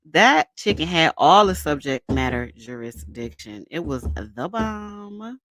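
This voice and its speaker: Woman, 30s, livestream host, lively pitch, dry close mic, chatty and warm with viewers. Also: slow, no echo. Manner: animated, greets chat by name, laughs often. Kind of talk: casual livestream chat with viewers.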